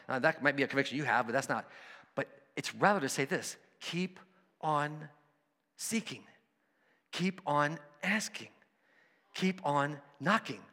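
A man preaching a sermon, conversational and animated, acting out the voices of people in his stories. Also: on the high side, unhurried, long pauses, in a large hall. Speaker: pastor.

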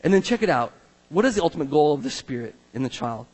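A male pastor preaching a sermon to a church, animated, acting out the Bible's voices. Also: fairly high pitch, fast, breathy edge. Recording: long reverb of a large hall.

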